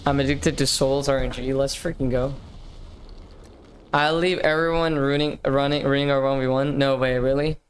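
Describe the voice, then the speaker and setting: A man's voice: medium pitch, little pitch movement, normal speed, clean tone. A young man hosting a live gaming stream, chatting casually and upbeat with viewers, slangy and often repeating himself. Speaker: livestream gaming host.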